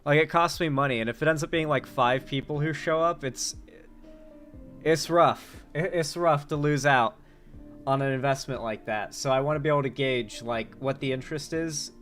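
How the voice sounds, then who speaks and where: A man's voice: fairly high pitch, normal speed, a bit bright, faint music behind. A man chatting casually on a live stream, rambling and joking with many fillers. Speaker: streamer, political commentator.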